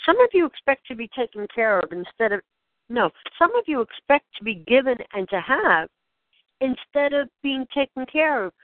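A woman leading a channeled spiritual guidance session, speaking in gentle, questioning prompts to the listener. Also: high voice, very animated, moderate pace, dry recording. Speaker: spiritual guide. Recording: dry, tinny phone-like sound.

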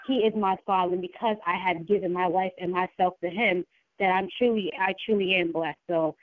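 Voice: mid-range voice, no echo. A caller on a prayer line, fervently praising God and sharing a testimony. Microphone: telephone. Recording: phone line.

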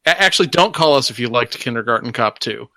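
A man's voice: medium pitch, lively intonation, fast, background noise. A man co-hosting a podcast, casually announcing next week's show and the call-in line. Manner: easygoing, laughing. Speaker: podcast co-host.

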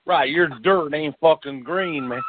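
A man's voice: a little high, huge pitch swings, unhurried. A man ranting angrily as a chat line caller, swearing constantly and stumbling over his words. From Tennessee. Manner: profane, stumbling, full of filler sounds. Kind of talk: angry phone rant. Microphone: telephone. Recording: tinny phone line with faint static.

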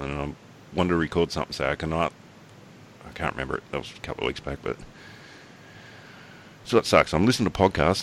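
A man's voice: a bass voice, slight background noise. An Australian man co-hosting a podcast in casual chat, rambling, swearing casually and laughing often. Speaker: podcast co-host.

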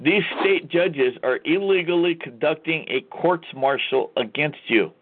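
A man's voice: a little high, unhurried. Angry ranting man on a tinny line. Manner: angry, profane, emphatic. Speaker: host. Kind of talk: ranting call-to-action monologue.

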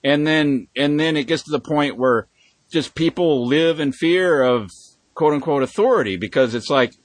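A man's voice: fairly high pitch, moderate pace, no echo. A man hosting a podcast in casual chat, rambling and swearing with emphatic bursts. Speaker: podcast host.

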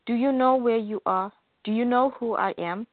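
Calm, steady male soldier read by a woman, plain delivery, phone-like sound, dry. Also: fairly high pitch, moderate pace, no echo, close to an everyday voice.

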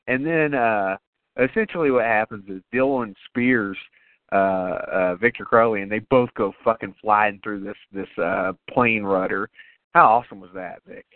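A man co-hosting a podcast, chatting casually and profanely about horror movies with excitement and jokes. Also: lowish voice, moderate pace, dry recording, narrow, tinny audio. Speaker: podcast co-host.

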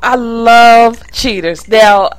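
A woman's voice: a little high, drawn-out words, smooth, rough recording. A woman co-hosting a podcast, chatting casually with opinions and frequent laughter. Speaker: podcast co-host.

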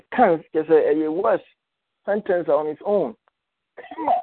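A man's voice: fairly high pitch, animated, a little slow, no room sound. An older man reminiscing in casual chat, telling stories and mixing in English words. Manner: storytelling, mixing English words into his speech. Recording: tinny phone-line call.

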